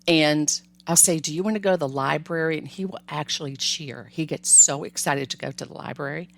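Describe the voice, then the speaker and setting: A woman's voice: deep voice, brisk, creaky. An older woman, a grandmother, hosting a solo parenting podcast and giving advice in a friendly, chatty way with light laughs.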